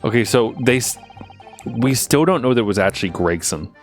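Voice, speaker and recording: A man's voice: mid-range voice, expressive, moderate pace, soft background music. A man streaming a courtroom game, thinking aloud in casual, muttered commentary.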